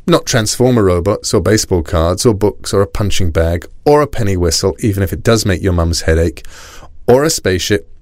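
A man's voice: low voice, animated, a little fast, darkish tone, no room sound, studio quality. A man voicing a stubborn young neighbour boy in a storybook reading.

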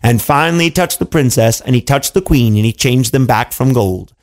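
Brief: lively children's storyteller, man, swooping pitch, gravelly voice, playful asides. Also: brisk. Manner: animated, playful asides to listeners.

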